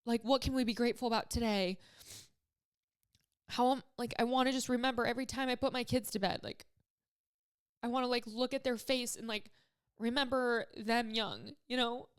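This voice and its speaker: Woman, late twenties, podcast host, tearful, rambling, casual, fairly high voice. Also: steady tone, moderate pace, pauses often, clean tone. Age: 20s. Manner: emotional, tearful, rambling with many fillers. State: choked up. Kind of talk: casual solo podcast talk.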